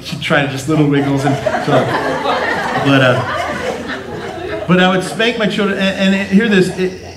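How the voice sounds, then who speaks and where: A man's voice: sits high, fairly even intonation, a little slow, over a noisy crowd, very noisy. A middle-aged man preaching a sermon to his congregation, telling family stories with playful asides and acting out voices. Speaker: pastor. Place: church sanctuary. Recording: roomy church sound from a distance.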